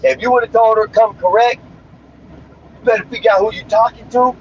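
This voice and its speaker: A man's voice: extremely high pitch, steady tone, fast, slight background noise. A man chatting casually on a livestream, talking loosely with profane street slang, from inside a car. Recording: slightly dull lo-fi stream audio.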